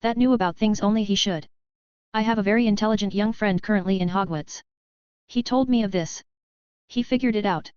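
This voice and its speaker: A woman narrating a first-person fan-fiction audiobook in a steady storytelling read. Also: mid-range voice, fairly quick, clear, resonant tone, no room sound, muffled recording.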